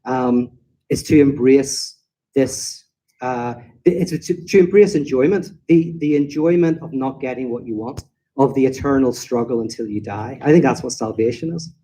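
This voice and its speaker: Mellow man telling animated stories. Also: medium pitch, normal speed, poor audio. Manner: rambling, animated storytelling with quoted voices. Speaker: speaker answering audience questions. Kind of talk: informal lecture Q&A.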